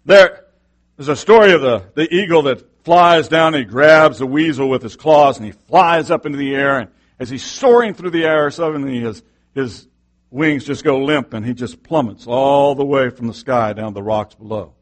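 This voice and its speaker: A man's voice: mid-range voice, normal speed. A middle-aged male pastor preaching a sermon with passion, firing off rhetorical questions.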